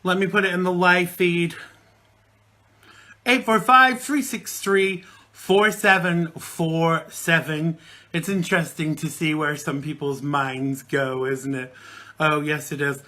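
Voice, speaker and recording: A man's voice: a little high, fairly even intonation, slow pace, sharp tone. A man hosting a live call-in show, chatting casually and greeting listeners one by one with jokes. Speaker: radio show host.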